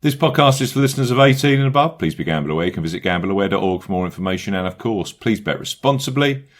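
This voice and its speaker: A man with a very low, deep voice hosts a golf betting podcast. He runs through the sponsor and promo lines briskly and upbeat, then eases into relaxed banter with his co-hosts. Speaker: podcast host.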